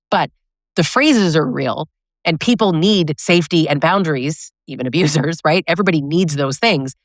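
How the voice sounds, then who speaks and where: A woman's voice: low voice, no room sound, clean studio sound. A woman relationship coach giving blunt, sarcastic advice, acting out quoted lines as she talks. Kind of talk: direct-to-camera advice talk.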